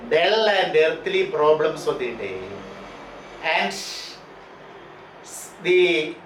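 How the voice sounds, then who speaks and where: A man's voice: sits high, fairly bright tone. Indian English male teacher in echoey room. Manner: repeats and spells out key terms, frequent uh and you know. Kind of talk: slow, repetitive classroom lecture. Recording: echoey room with faint noise.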